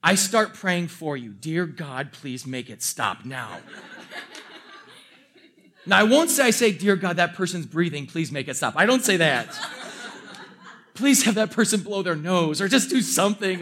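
A young male pastor delivers a sermon with a fairly high voice. He tells funny, self-mocking stories and stays animated and expressive throughout.

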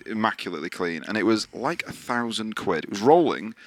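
A man's voice: on the low side, expressive, brisk, no room sound. A man hosting a podcast, telling a long story in casual chat, swearing freely and acting out what others said. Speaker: podcast host. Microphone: podcast microphone.

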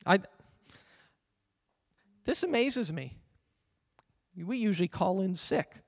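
High-voiced preaching man, church reverb. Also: animated, creaky. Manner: earnest preaching, slows down to read scripture aloud. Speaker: pastor. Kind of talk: sermon. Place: church sanctuary. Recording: long reverb of a church hall.

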